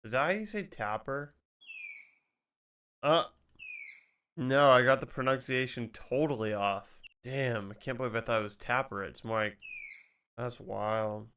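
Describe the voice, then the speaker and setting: Young adult man, streamer, casual chat, swears a lot, excitable, mid pitch. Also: a little slow, pauses often, a little hiss or hum. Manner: loose, swearing, excitable while gaming.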